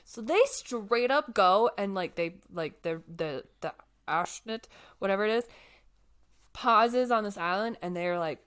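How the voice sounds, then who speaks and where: A young woman telling a life story in a casual, animated chat, full of fillers. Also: medium pitch, unhurried, clear, resonant tone.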